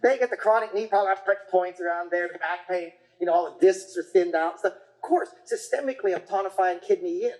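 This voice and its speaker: A lecturer talks through acupuncture practice in a loose, conversational way. The voice sits at a middle pitch and keeps breaking off to restart sentences, filling gaps with fillers. Now and then it briefly acts out what a patient or parent said. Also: brisk, hardly any pauses, poor audio. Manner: chatty, rambling with frequent restarts and fillers. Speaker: acupuncture teacher. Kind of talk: casual lecture.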